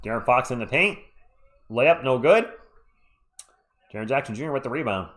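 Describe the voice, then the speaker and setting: Congested guy doing fan play-by-play, bouncy lively voice, keeps chatting with the chat between plays. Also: medium pitch, moderate pace, pauses often. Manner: chatty, reads live chat between calls. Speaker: live stream play-by-play host.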